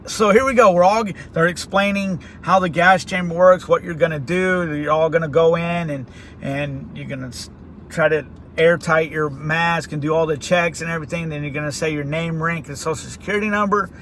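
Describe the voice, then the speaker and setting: Bright high-voiced man telling stories. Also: moderate pace, slight background noise. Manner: animated, acts out quoted voices. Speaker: vlog host. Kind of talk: casual storytelling. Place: inside a car.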